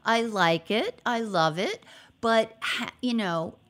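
A woman's voice: a little high, takes it slowly, a bit bright. A woman hosting a podcast interview, encouraging her guest with frequent affirming murmurs. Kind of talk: casual interview conversation.

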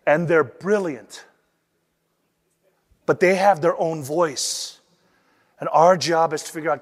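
Man, high voice, animated lecture on preaching, long reverb. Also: takes it slowly, long pauses. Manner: animated, acts out quoted voices. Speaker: preaching instructor. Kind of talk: lecture on sermon delivery.

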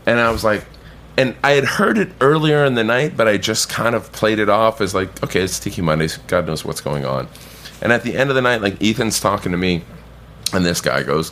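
A man's voice: on the low side, brisk, a little hiss or hum. A man, a bartender guest on a podcast, telling a rambling anecdote casually, swearing and acting out other people's lines. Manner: animated anecdote-teller, swears, acts out others' voices.

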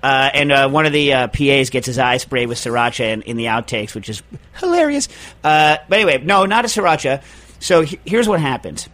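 A man's voice: medium pitch, expressive, brisk, fairly bright tone. A man hosting a podcast in casual chat, ranting in an exasperated way and restarting his sentences often. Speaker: podcast host.

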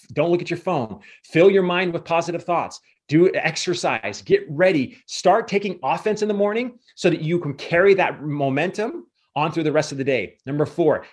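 A man giving a motivational coaching talk as a guest speaker, emphatic and repetitive in his delivery. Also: medium pitch.

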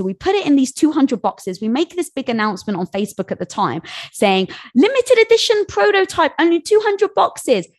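A woman guest on an interview, telling a business anecdote in a lively way and acting out the voices of the people in it. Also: a little high. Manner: animated, acts out voices in anecdotes. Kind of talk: casual storytelling.

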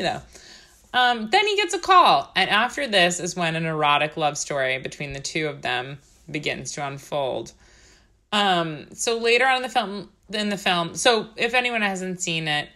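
A chatty woman co-hosting a podcast, her voice on the lower side and bright. She talks loosely, swears freely and laughs through her stories. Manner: chatty, swearing, laughs often, mimics movie lines. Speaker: podcast co-host. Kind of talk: casual chat.

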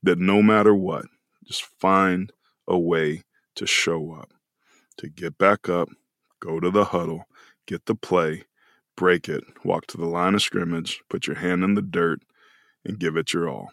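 A man in his forties with a very low voice, sharing a personal story as a podcast guest. He speaks earnestly and lets the weight of key moments slow him down, and the sound is dry and close. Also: steady tone, a bit bright, no room sound.

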